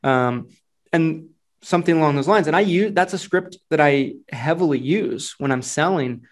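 A man hosting a podcast, talking casually about phone sales in a relaxed, loose way with lots of fillers. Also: fairly high pitch, fairly quick. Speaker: podcast host and insurance sales agent.

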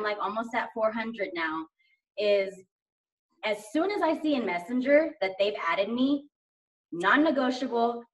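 A woman's voice: mid-range voice, fairly bright tone, recorded from a distance, poor audio. A woman guest chatting casually in an interview, enthusiastic and rambling with lots of fillers. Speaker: guest sharing sales tips.

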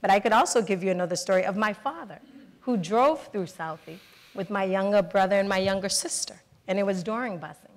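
A woman, a state senator earnestly telling personal stories in a panel discussion. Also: mid-range voice. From Boston, Massachusetts. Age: 40s. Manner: earnest storytelling, brisk. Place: public forum hall. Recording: echoey hall.

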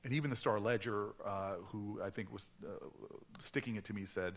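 A man in his forties telling a story to a live audience at a book event, animated and acting out the voices he quotes. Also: fairly low pitch, measured pace. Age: 40s. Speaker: author speaking at a book event.

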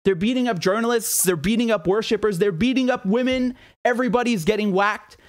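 A political commentator with a high-pitched voice delivers an angry, indignant monologue at a fairly quick pace. He fires off rhetorical questions, and when he gets worked up he swears and repeats words.

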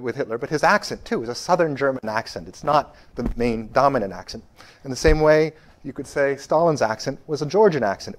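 A man giving a university history lecture, stressing key phrases loudly and dropping to quiet asides, with frequent fillers and restarts. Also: mid-range voice.

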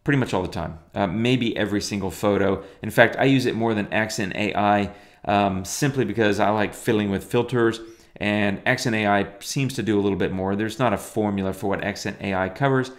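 Man, middle-aged, lowish pitch, enthusiastic, casual software tutorial. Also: fairly quick. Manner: chatty, enthusiastic, lots of fillers. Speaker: photo editing instructor.

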